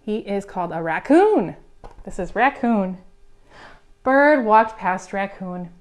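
A woman reading a picture book aloud at a preschool storytime, gently coaxing the children with questions. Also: mid-range voice, sing-song, takes it slowly. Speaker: children's librarian.

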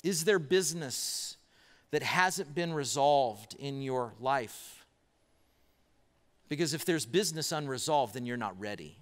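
A man's voice: mid-range voice, lively intonation. A man preaching a sermon as pastor, telling a story and posing repeated questions to the congregation. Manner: storytelling with pauses and rhetorical questions. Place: church auditorium. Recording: church hall reverb.

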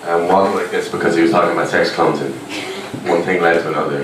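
An Irish man doing stand-up comedy in a rambling, deadpan way, on a comedy club stage. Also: low-pitched, fast, background noise. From Ireland. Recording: echoey club room, mic far off.

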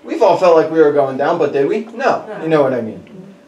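A man preaching a conversational sermon, telling personal stories in an animated way and chuckling as he goes. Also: fairly high pitch, a little fast, far from the mic, dull audio. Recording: echoey hall with faint background noise.

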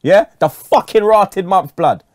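Man, angry fan rant, swearing, street slang, swooping animated pitch. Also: a little slow, no room sound, studio quality. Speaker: fan pundit.

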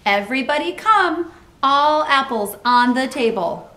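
A woman's voice: a little high, very animated, moderate pace, fairly bright tone, pitched above the performer's own voice. A woman reading as Amelia Bedelia, cheerful housekeeper. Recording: roomy echo.

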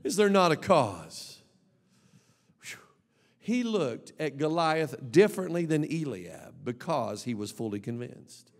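Lively man preaching in a reverberant hall. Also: on the high side, slow, gravelly. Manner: emphatic, animated preaching with bursts of shouting. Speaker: pastor. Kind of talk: lively sermon. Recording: long reverb of a large hall.

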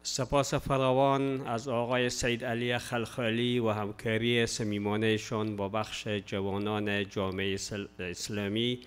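A man hosts the program and addresses viewers with formal courtesy. He talks at a very fast clip in a smooth, resonant voice. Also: lowish voice, level tone. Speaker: program host. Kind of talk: formal announcements.

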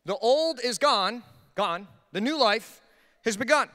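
A man's voice: extremely high pitch, expressive, measured pace, sharp tone, in a large hall. A man preaching a sermon as pastor, telling humorous, self-deprecating stories about married life. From Minnesota. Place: church sanctuary.

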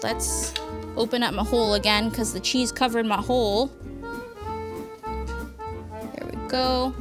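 A woman's voice: on the high side, steady tone, takes it slowly, long pauses, music in the background. A young woman hosting a casual cooking demonstration in a studio kitchen, chatty, joking and self-deprecating as she works. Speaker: cooking show host.

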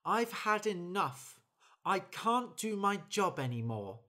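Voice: mid-range voice, big pitch swings, slow, fairly bright tone, breathy edge, pitched above the performer's own voice, exaggerated voice. A storyteller voicing a tired, hard-working female bird who complains about doing too much work. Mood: fed up. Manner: indignant, complaining.

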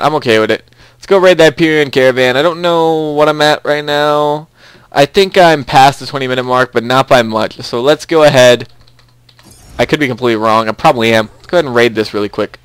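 A man's voice: mid-range voice, a little fast, a bit bright, smooth, dry recording. Chatty young man rambling over gameplay. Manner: chatty, rambling, repeats himself. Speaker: let's play host. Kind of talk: casual gaming commentary.

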